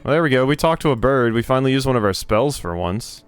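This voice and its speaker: A man's voice: medium pitch, lively intonation, quick pace, clear, resonant tone, soft background music. A man hosting a game let's play, chatting casually and hesitantly as he reads game text aloud. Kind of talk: casual gameplay commentary.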